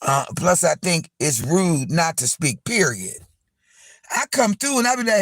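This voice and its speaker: Man, live-stream host, slightly high voice, dry close sound, repetitive profane storytelling. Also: measured pace, dry recording. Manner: animated, repetitive and profane, addressing viewers as y'all. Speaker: livestream host.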